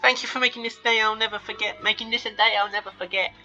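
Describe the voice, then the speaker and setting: Man putting on a sweet high girl's voice. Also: fairly even intonation, fast talker, bright, forceful tone, muffled recording, faint music behind. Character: cheerful shy young girl, sweet and gentle.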